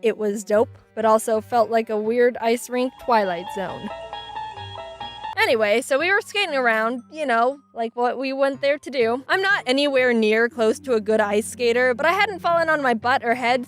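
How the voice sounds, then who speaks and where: A young woman telling funny childhood stories in a casual, sarcastic way, with quick asides. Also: a little high. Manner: quick shifts into quoted voices, sarcastic asides. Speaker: storytelling video narrator. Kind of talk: casual comedic storytelling. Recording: faint music behind.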